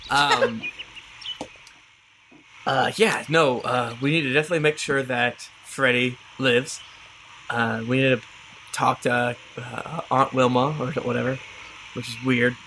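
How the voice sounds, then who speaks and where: A man's voice: mid-range voice, fairly even intonation, takes it slowly, long pauses, bright, forceful tone, a little hiss or hum, rough recording. A man playing a tabletop role-playing game, joking, often laughing and stammering as he talks in character. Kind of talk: casual in-character game chat.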